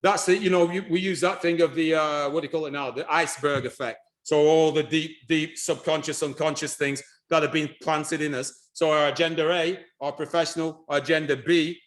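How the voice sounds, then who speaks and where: A man giving a lively presentation on history and culture, animated and repeating himself, with frequent restarts. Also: a little high, brisk, hardly any pauses. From United Kingdom.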